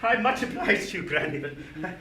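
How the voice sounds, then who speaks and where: A man's voice: sits high, animated, brisk, bright, forceful tone, recorded from a distance. A man playing a timid, fussy old miser who stammers and speaks formally, in a live stage play. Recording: echoey stage with clear noise.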